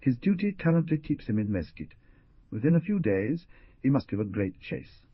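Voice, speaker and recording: A man voicing a sweet, timid young woman alone at a frontier inn, with a husky voice. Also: medium pitch, sing-song, moderate pace, dry recording, dull audio, voice pushed up. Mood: earnest. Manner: sweet, earnest.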